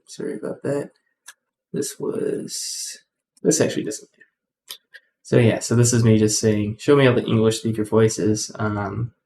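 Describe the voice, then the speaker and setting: A man's voice: fairly low pitch, creaky, dark tone, a little hiss or hum. A man hosting a casual coding tutorial, rambling with many ums and self-corrections.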